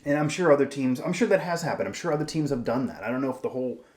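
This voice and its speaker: A man hosts a sports commentary show, talking emphatically and circling back on his points. His voice sits at a middle pitch. The room around him is noticeably echoey. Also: very fast, a little mellow. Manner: emphatic, rambling, frequent restarts.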